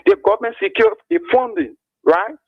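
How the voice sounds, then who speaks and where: A man's voice: high-pitched, big pitch swings, a little fast, no echo. A man calling in to a radio show, arguing his case and addressing the host by name. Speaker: caller. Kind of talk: political call-in commentary. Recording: dry phone-line call.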